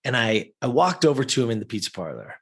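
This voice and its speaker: A man's voice: mid-range voice, huge pitch swings, fast talker, gravelly, a bit bright, breathy edge. A man, a podcast guest, telling an emotional personal story and addressing listeners directly.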